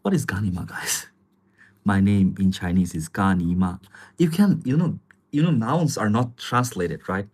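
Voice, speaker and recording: A man hosting a casual livestream, answering viewer comments in rambling, relaxed with many fillers and frequent chuckles. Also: on the low side, normal speed, husky. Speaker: livestream host.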